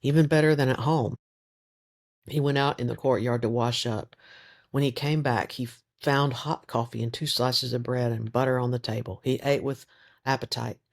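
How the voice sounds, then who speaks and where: A man reading a novel aloud in steady, measured audiobook narration. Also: medium pitch, creaky. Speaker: reader.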